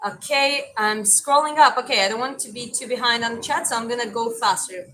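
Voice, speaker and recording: Bright-voiced woman chatting on a livestream. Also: on the high side, a little fast, low-quality recording. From Georgia. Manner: chatty, rambling with many restarts. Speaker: livestream host reading chat. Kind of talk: casual livestream chat.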